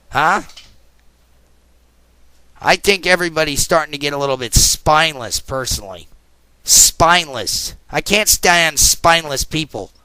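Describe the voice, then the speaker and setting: A man's voice: fairly high pitch, sharp tone, smooth, no room sound, poor audio. A man hosting his own talk radio show, delivering an angry, confrontational political rant.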